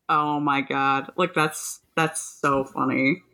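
A woman's voice: low-pitched, slow pace. A woman co-hosting a podcast, chatting casually, often laughing and swearing as she tells a story. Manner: lively, laughing often, profane. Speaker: podcast co-host. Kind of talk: casual chat.

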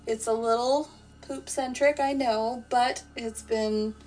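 A woman narrating a playful, deadpan comic sleep story in the first person. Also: fairly high pitch, slow, soft background music. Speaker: podcast storyteller.

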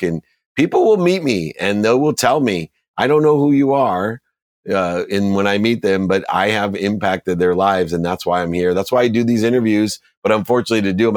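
A middle-aged man with a low voice tells motivational stories. His cadence is emphatic and preacher-like, and he builds his points in steady rhythmic runs. The sound is close and dry. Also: dry recording. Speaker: business coach and guest. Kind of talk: motivational storytelling.

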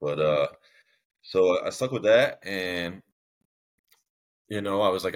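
Speaking low at a moderate pace, a young podcast guest shares his own story openly. His telling is casual and meandering, full of fillers and false starts.

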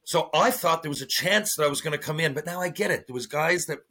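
A man swearing freely as he acts out old locker-room stories in a casual podcast chat. His voice sits a bit high and sounds bright and forceful. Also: fast, breathy edge. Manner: profane, animated storytelling with acted-out quotes. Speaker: podcast guest, former hockey player. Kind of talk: casual storytelling interview.

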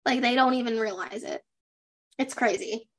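A woman's voice: a little high, moderate pace. A young woman co-hosting a podcast, recapping a reality show in a chatty, sarcastic way. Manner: chatty, sarcastic, animated impressions. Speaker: podcast co-host. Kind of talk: casual recap chat.

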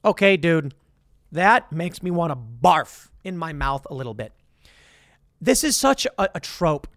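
High-voiced sarcastic male commentator. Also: big pitch swings, unhurried, a bit bright, dry recording, clean studio sound. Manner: sarcastic, blunt and argumentative. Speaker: political commentator. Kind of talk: opinionated commentary monologue.

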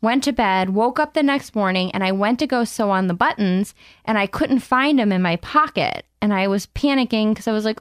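A woman co-hosting a podcast, telling a personal story in a relaxed, chatty way. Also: mid-range voice, moderate pace, few pauses, clean tone, no echo, studio quality. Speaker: podcast co-host. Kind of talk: casual chat.

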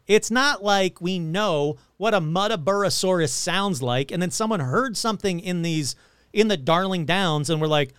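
Male podcast host, casual, swearing, jokey asides, smooth resonant voice, dry close sound. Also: sits high, normal speed, fairly bright tone, no echo. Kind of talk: casual monologue on cryptids.

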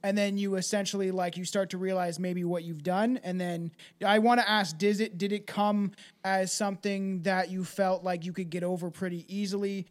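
A man hosting a dark comedy podcast, asking long, rambling questions full of fillers. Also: sits high, little pitch movement, moderate pace, few pauses. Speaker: podcast host.

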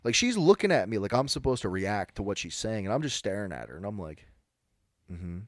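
Here the young co-host speaks quickly in a lowish, sing-song voice, recorded cleanly in a studio with no room sound. He rambles through stories during casual podcast chat, voicing other people's lines and saying "bro" and "dude" a lot.

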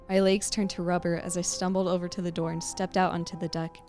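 A woman podcast host reading a creepy story aloud with expressive, suspenseful storytelling. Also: fairly low pitch, fast talker, hardly any pauses, soft background music.

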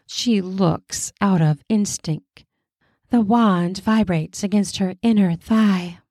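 A woman narrating an adult romance story in a slow, intimate reading. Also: mid-range voice, dark tone, slightly rough, no echo, clean studio sound. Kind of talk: scripted erotic story narration.

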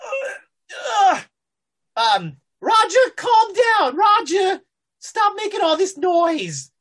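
A woman voicing a flustered female priestess in a tabletop horror game, in a high, shrill voice. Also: very animated, slow pace, a bit bright, heavily acted.

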